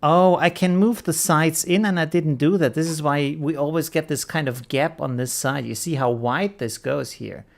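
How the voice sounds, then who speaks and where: A man's voice: a little high, moderate pace, gravelly, few pauses. German man hosting a casual live stream. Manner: greets viewers one by one from a chat, chuckling often.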